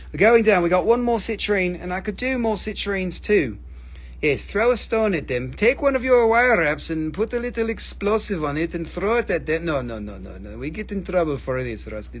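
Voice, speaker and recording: A man's voice: high voice, slightly rough. A man selling crystals on a livestream in casual patter, joking and swearing as he rambles through prices. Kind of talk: casual live-sale patter.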